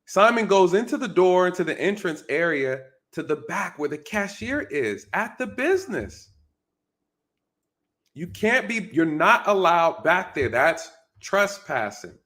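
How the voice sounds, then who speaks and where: A man's voice: high-pitched, animated, a little slow, fairly bright tone. Man giving emphatic casual commentary. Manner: emphatic, repeats "right?" and "you guys", rhetorical questions. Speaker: commentator on news clips.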